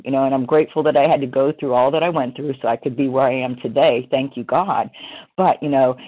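A woman's voice: extremely low pitch, slightly rough. A woman in her sixties sharing at a recovery meeting over a video call, rambling and heartfelt with many "you know" fillers. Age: 60s. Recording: tinny phone-like line.

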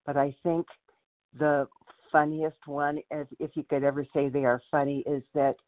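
A woman sharing at a recovery meeting, steady and grateful. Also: low voice, moderate pace. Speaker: longtime meeting member sharing. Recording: tinny phone-like call audio.

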